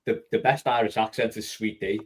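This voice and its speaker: A man hosting a casual podcast chat, talkative and quick to laugh and tease. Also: on the low side, fairly even intonation, slightly rough. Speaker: podcast host.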